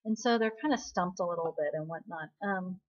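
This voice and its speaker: A woman's voice: fairly low pitch, fairly quick, dull audio. A woman giving a casual, bubbly drama recap, telling the story in a chatty way and often checking in with "right?".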